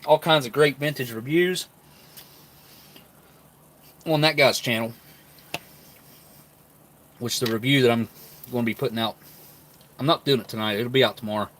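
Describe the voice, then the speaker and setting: A man's voice: medium pitch, moderate pace, long pauses, fairly bright tone. Easygoing man rambling through a tasting. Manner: rambling, talks while chewing; easygoing, laughs often. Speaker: live-stream food reviewer. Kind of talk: casual live-stream tasting chat.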